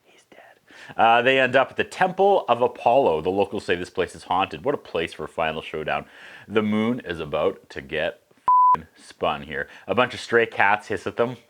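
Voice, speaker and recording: A man hosting a casual movie recap, making sarcastic, joking asides and slipping into quick voices for the characters. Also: low voice, expressive, fairly bright tone. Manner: casual, profane. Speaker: host.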